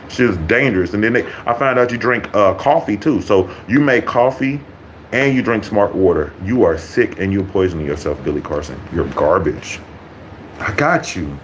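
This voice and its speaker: A man's voice: fairly low pitch, normal speed, slight background noise, low-quality recording. A man ranting to his YouTube viewers, blunt and mocking, swearing constantly. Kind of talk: profane ranting vlog.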